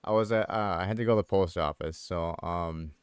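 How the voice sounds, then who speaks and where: A man's voice: low-pitched, fairly quick, clear, resonant tone, dry recording. A man streaming from home, chatting casually and laughing between sentences as he tells a story. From United States. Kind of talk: casual storytelling while gaming.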